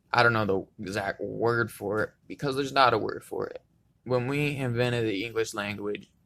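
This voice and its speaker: A man's voice: lowish voice, a bit bright. A young man telling a laid-back, profanity-filled personal story in a casual, rambling way. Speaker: vlogger.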